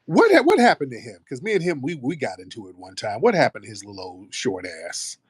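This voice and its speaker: A man's voice: medium pitch, huge pitch swings, fast talker, husky, dry recording, clean studio sound. A man hosting an online audio show, chatting loosely and playfully with plenty of swearing. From United States. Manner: loose, profane, playful banter. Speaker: host. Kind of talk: casual chat.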